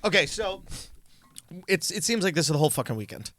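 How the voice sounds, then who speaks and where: A man's voice: fairly high pitch, sing-song, a little fast, a bit bright. A man co-hosting a comedy podcast, bantering casually and cracking up at his own jokes. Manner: laughs a lot, breaks up mid-sentence. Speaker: podcast co-host.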